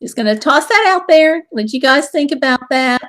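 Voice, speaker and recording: A woman's voice: high voice, animated, normal speed, fairly bright tone. A woman hosting a casual live stream, chatting in a bubbly way and reading viewer comments aloud. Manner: bubbly and chatty, with exclamations and laughter.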